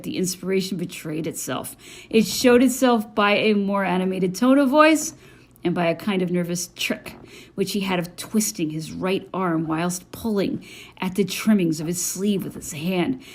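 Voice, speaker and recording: A woman reading a historical memoir aloud in a measured way, with small slips and restarts. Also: fairly low pitch. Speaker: audiobook reader.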